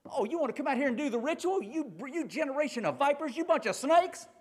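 A man voicing a fiery adult male prophet who rebukes a crowd in fierce, rapid bursts. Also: very high-pitched, expressive, darkish tone, long reverb tail, voice pushed up. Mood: scolding.

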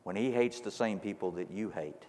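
A man's voice: low voice, moderate pace, warm tone. A man preaching a sermon as pastor to his congregation, firing repeated rhetorical questions that build to emphatic peaks. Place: church sanctuary. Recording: long reverb of a large hall.

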